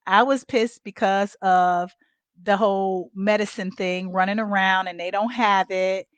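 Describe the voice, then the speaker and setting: A woman's voice: mid-range voice, steady tone, measured pace, clean tone, no echo, muffled recording. A middle-aged woman caregiver candidly telling viewers a personal story in a casual vlog. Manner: candid, conversational, addresses viewers as y'all. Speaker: family caregiver.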